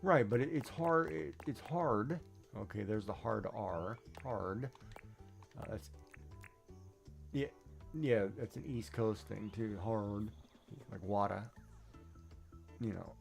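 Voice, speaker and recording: Gravelly man chatting while gaming. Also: fairly low pitch, slow pace, pauses often, soft background music. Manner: rambling, asks "right?" often. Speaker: streamer. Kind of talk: casual chat while gaming.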